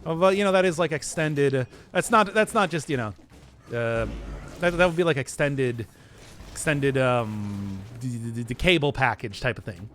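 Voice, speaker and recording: A man's voice: medium pitch, moderate pace, fairly bright tone, slight background noise. A man streaming a game, giving casual commentary full of giggly, self-deprecating banter with his chat.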